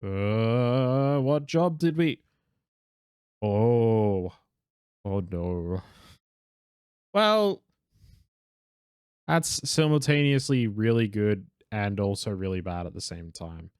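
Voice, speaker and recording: A man's voice: on the low side, lively intonation, extremely slow, long pauses, a little mellow, clear, resonant tone, no echo, clean studio sound. A young man casually commenting on his own game stream, rambling, correcting himself, swearing and laughing now and then. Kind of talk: casual live gameplay commentary.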